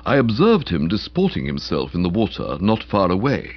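A man's voice: wildly swooping pitch, full character voice. Man reading as an unflappable, formal valet. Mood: calm. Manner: measured, deferential, ends low. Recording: slightly dull lo-fi recording.

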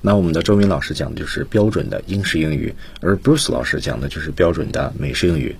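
A man's voice: rumbling low, fast, vocal fry, slight background noise. A man teaching English on the radio, patiently explaining and repeating key points in a bilingual lesson.

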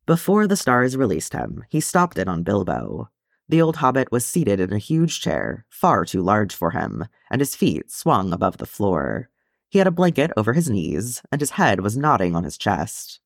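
A man narrates a storybook chapter in a calm, even way. His low voice has a gravelly edge, and his pitch moves a great deal. The recording is dry and close. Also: moderate pace, no room sound. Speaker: audiobook reader.

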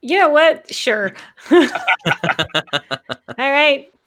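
A woman's voice: sits high, expressive, extremely slow, a bit bright. A woman playing a tabletop game, playful and joking. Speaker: player.

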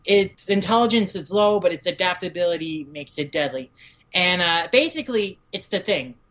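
A man's voice: high voice, animated, normal speed, pushed and bright. A young man co-hosting a podcast, casually recapping a manga chapter and slipping into playful character voices. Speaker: podcast co-host.

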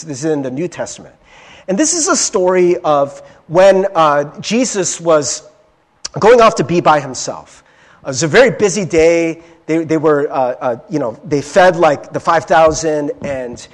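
A man preaching a sermon as a pastor, talking in an easy conversational way, often checking in with his listeners and calling them friends. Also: high-pitched. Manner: conversational, often asks "right?" and addresses "friends".

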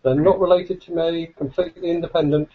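A man's voice: a little high, steady tone, quick pace, husky, phone-quality sound. A man, a co-host and father, telling stories in a wry, casual way. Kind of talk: casual group chat.

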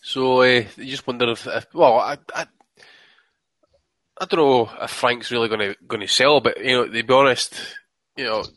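A man's voice: medium pitch, normal speed, fairly bright tone, dry recording. A man co-hosting a boxing chat podcast, talking casually with many restarts and frequent swearing. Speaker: podcast co-host.

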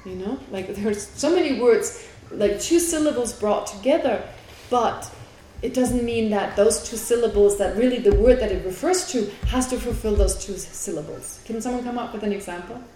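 A woman's voice: a little high, animated, normal speed, dark tone. Woman lecturing in an echoey classroom. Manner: explanatory, asks the class questions, laughs easily. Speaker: Buddhist philosophy teacher. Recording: echoey room with faint background noise.

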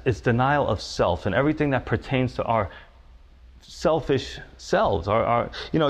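A man preaching a sermon in a loose, conversational way, full of fillers and restarts, dropping low and slow to stress a point. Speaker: pastor.

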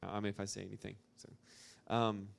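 Low-ish and gravelly, his voice comes out flat at a moderate pace. He's a young man from Arkansas, USA, casually telling a filler-laden, rambling story to a live audience at a church gathering.

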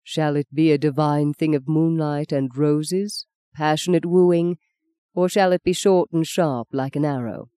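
A reader voicing Arthur, a suave man who speaks slowly and coaxingly, with a theatrical touch. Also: medium pitch, fairly even intonation, warm tone, clean tone, no room sound, studio quality, close to an everyday voice. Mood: earnest.

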